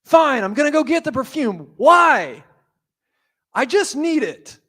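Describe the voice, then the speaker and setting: A man preacher voicing Mary, an earnest, devoted young woman, speaking in halting, gushing bursts. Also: extremely high pitch, big pitch swings, bright, forceful tone, voice pushed up, heavily acted. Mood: earnest, overwhelmed.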